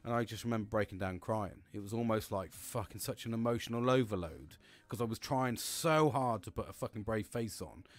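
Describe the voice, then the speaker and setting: This podcast host is a middle-aged man with a lowish voice, speaking fairly fast with no room sound. His personal story comes out rambling and candid, full of restarts and near-constant profanity.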